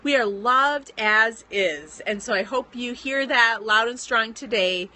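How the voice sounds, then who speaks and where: A bright, fairly high-voiced woman in her thirties talks to her viewers in a casual live stream. She sounds earnest and encouraging, chatty with little fillers as she urges fellow writers on. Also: measured pace. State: pregnant.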